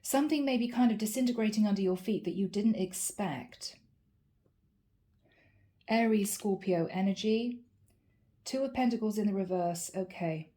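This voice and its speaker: A woman's voice: mid-range voice, normal speed, pauses often, mellow. A woman giving a channeled tarot reading to her viewers, earnest and encouraging, often repeating her key phrases. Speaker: tarot reader.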